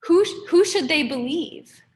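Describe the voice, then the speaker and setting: Her voice is high-pitched and a little slow as this young New Yorker gives a relaxed Buddhist class. She chats away, tells animated stories and keeps dropping "like" into her talk.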